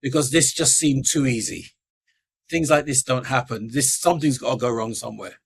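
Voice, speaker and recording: Middle-aged man, animated storyteller, mid-pitch, acts out quoted voices. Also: brisk, gravelly, slightly rough. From England. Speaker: guest. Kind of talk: storytelling in a podcast interview.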